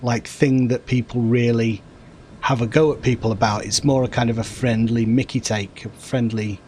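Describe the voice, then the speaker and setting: With a northern English Yorkshire-Lancashire accent, this man offers casual gameplay commentary while playing an online game, wry and jokey as he thinks out loud and wanders off topic. His mid-range voice is a little mellow and fairly even at a moderate pace, with slight hiss or hum behind it.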